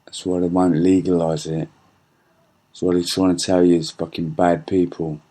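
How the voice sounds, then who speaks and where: Low-pitched man, middle-aged, angry profane rant, rambling restarts. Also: flat delivery, moderate pace, dark tone. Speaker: podcast host. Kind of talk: ranting monologue.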